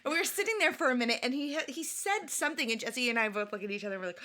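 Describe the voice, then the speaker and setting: Animated, bright-voiced woman podcast co-host. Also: fairly high pitch, slight background noise. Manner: animated, joking, fast and rambling. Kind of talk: casual chat. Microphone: podcast microphone.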